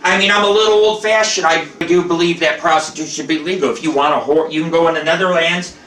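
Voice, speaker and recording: A man's voice: fairly high pitch, fast talker, pushed and bright, recorded from a distance, a little hiss or hum. A man hosting a live home cooking show, talking in a profane, boastful, rambling way. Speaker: show host. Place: home kitchen. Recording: roomy echo, off-mic.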